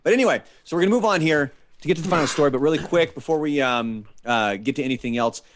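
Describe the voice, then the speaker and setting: A man's voice: fairly high pitch, animated, fast talker, a little hiss or hum. A man co-hosting a podcast, a rock radio DJ talking in a blunt, profane, opinionated way. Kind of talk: casual chat.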